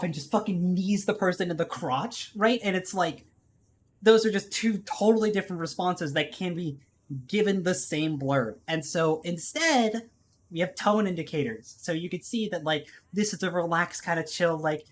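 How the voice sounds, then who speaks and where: A woman's voice: on the low side, moderate pace, slight background noise. A woman streaming a video game, chatting casually and rambling with lots of fillers. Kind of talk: casual gameplay commentary.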